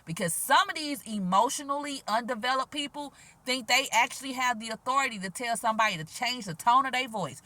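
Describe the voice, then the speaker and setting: Quiet-voiced sassy woman vlogger, bright tone, slightly high, casual and lively. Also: brisk. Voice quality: quiet, gentle voice. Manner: animated, sassy, laughs often, soft-spoken. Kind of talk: casual spiritual vlog monologue. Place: outdoors.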